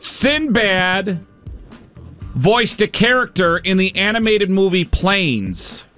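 A man runs a call-in trivia game on the radio, his voice high and sharply bright. He teases the callers as he goes, his pitch swinging widely while he talks at an unhurried pace. A faint music bed plays behind him. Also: very animated. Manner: playful, teasing quiz-master. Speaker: radio show host running a call-in quiz.

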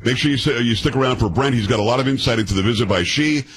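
A man in his sixties hosts a political call-in radio show with a blunt, combative and sarcastic delivery. His voice has a rough, husky grain, and his pitch sits in an ordinary middle range for a man. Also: very fast, a bit bright. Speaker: radio talk show host. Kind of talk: political talk radio monologue.

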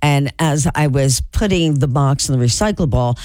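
A woman radio host telling a story in casual on-air chat, animated and laughing often. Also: a bass voice, normal speed, no room sound. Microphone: studio microphone.

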